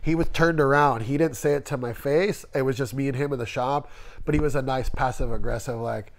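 A man's voice: medium pitch, brisk. Candid man telling stories, swearing freely. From Las Vegas. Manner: candid, emotional, swears freely, acts out quoted voices. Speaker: tattoo artist, guest. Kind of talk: casual interview storytelling.

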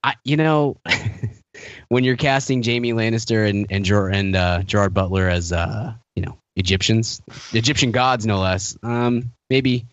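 A man's voice: lowish voice, fairly even intonation, a little slow, no room sound, highs cut off. A man co-hosting a podcast in casual chat, wry, laughing often, rambling with restarts. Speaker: podcast co-host.

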